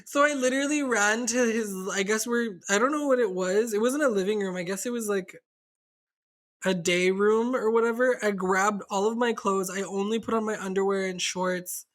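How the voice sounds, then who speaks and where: A woman's voice: medium pitch, moderate pace. A young adult woman co-hosting a podcast, telling a candid story in casual chat, rambling and swearing with lots of fillers. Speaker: podcast co-host.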